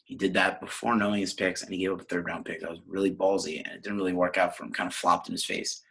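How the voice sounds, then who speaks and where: Brief: low husky man from New York, rambling profane podcast host. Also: level tone, fast, a bit bright. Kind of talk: casual podcast rant.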